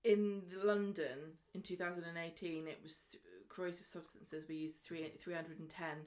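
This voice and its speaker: A woman's voice: lowish voice, fairly even intonation, moderate pace, darkish tone. A woman co-hosting a soap recap podcast, chatty and teasing, who reads out statistics as she talks. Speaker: podcast co-host. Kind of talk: casual soap recap chat.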